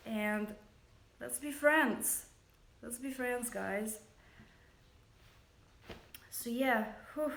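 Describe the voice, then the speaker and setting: A woman's voice: a little high, roomy sound. Chatty woman with a Russian accent. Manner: soft-spoken, earnest and chatty. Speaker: livestream host. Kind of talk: casual livestream chat. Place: home kitchen. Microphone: phone camera.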